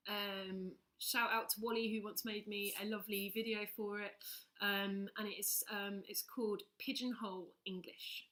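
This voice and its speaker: Soft-spoken woman with a bright voice. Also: medium pitch, level tone, moderate pace. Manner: soft-spoken, hesitant, many ums. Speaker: spoken-word poet. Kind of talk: casual chat introducing a poem.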